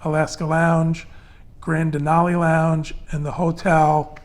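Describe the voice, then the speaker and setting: A man with a fairly high, flat-sounding voice talks slowly while hosting a casual panel podcast. Chatty and loose, he fills his speech with fillers as he goes through prices and details step by step.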